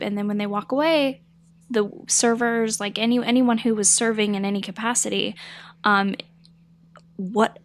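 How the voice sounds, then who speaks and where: A woman's voice: medium pitch, steady tone, normal speed. A woman guest on a podcast in casual chat, giving her opinions emphatically.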